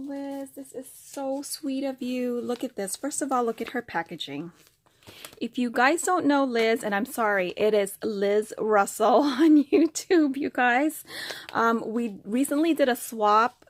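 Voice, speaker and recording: A woman's voice: fairly high pitch, measured pace. A woman vlogger opening craft mail, gushing, gasping and squealing with delight as she talks to the camera. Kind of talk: excited unboxing chat to camera.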